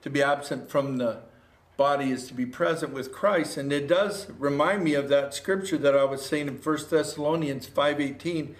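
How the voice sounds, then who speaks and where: In an echoey church room, a pastor delivers a livestreamed sermon in a somewhat high voice at a moderate pace. His manner is earnest and repetitive, repeating phrases as he rises toward exhortation.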